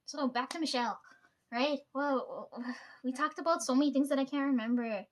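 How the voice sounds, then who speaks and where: A woman's voice: sits high, moderate pace. A woman telling workplace stories in a casual storytime chat, laughing often and swearing freely.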